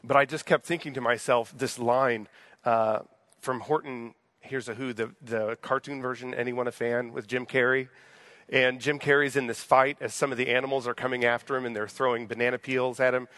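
A man's voice: medium pitch, fairly even intonation, normal speed, fairly bright tone, no echo. A man in his thirties, a pastor, giving an evening sermon in a conversational way, often asking the congregation questions. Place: church sanctuary.

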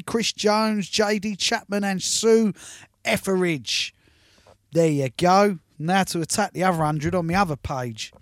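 A man hosting a live radio show, reading out shout-outs in a cheeky, rambling way and singing along now and then. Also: high voice, no room sound, clean studio sound. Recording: music playing behind the voice. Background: music.

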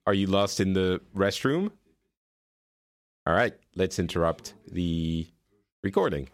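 A man's voice: deep voice, slow. A man hosting a gaming podcast from an office, chatting casually and joking. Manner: lively, joking, self-deprecating. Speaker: podcast host. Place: office in Paris with people working nearby.

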